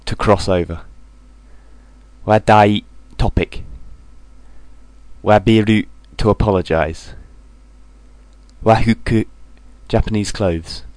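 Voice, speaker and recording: A man with a deep voice reads a vocabulary list at a very unhurried pace, pausing between each word and its English meaning. The sound is dry and close, with no room around it. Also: no room sound. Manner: reads each word then its English gloss, flat and measured. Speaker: language teacher. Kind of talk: vocabulary drill reading.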